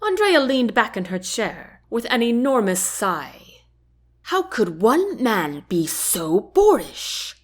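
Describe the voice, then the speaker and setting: A woman narrating a fantasy novel chapter as an audiobook host, in a gentle, unhurried reading. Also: fairly high pitch, sing-song. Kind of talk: storybook narration.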